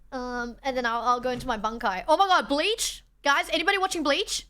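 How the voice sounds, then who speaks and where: Brief: young woman, high and bright, chatty live-stream host, a bit travel-worn. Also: steady tone, brisk, few pauses. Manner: chatty, reads chat aloud, self-deprecating. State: tired from travel. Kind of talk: casual live-stream chat.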